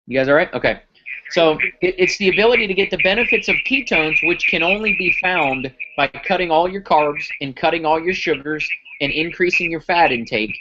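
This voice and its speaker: A man giving a live sales pitch on a conference call, telling stories and acting out the dialogue. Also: brisk, background noise. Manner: storytelling, acts out dialogue. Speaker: company founder pitching product. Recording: muffled lo-fi recording.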